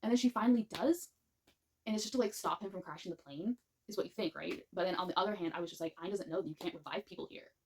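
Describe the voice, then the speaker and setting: A woman talks through a book review in a gushing, animated way. Her voice sits a little low, and she rambles and restarts her sentences as she goes. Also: quick pace, slightly rough. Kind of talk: casual spoken book review.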